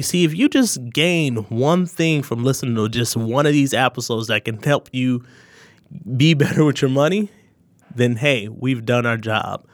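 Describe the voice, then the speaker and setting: A man's voice: medium pitch, no echo. Earnest, heartfelt man hosting a podcast. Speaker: podcast host. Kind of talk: solo podcast thank-you message.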